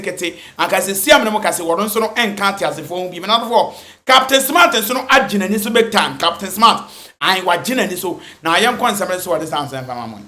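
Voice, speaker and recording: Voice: medium pitch, bright, forceful tone. A host opening a news show, mixing in English words and building drama.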